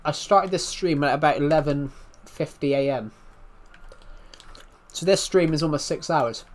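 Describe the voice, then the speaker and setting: A British man chatting on a live stream, his voice thick and a little worn from being under the weather. He talks calmly and evenly, often restarting his sentences, in a fairly high voice for a man. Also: measured pace. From United Kingdom. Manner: calm, even talking with frequent restarts. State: slightly ill, thick voice. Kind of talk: casual live stream chat.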